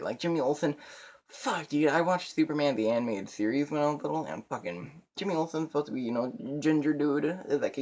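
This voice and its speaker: Rambling, profane young man. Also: mid-range voice. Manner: rambling, profane, laughs between points. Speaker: movie reviewer. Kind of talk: casual spoken review.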